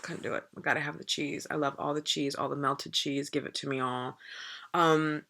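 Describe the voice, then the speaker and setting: A woman's voice: low-pitched, unhurried, gravelly, pushed and bright. A woman in her thirties chatting to camera in a rambling, enthusiastic way. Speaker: vlogger. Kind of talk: casual chat to camera.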